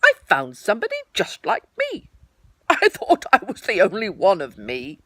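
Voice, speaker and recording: A woman voicing a bouncy, cheerful young male tiger, with a loud, high, exuberant voice. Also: huge pitch swings, normal speed, dry recording, heavily acted. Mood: excited.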